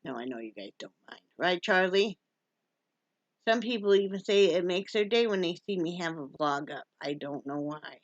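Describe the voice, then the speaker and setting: A woman's voice: lowish voice, expressive, normal speed, no room sound. Woman from wyoming chatting on her vlog, jokey, coos at her dog, kinda muffled lo-fi audio. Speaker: vlogger. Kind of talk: casual chat vlog. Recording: dull lo-fi sound.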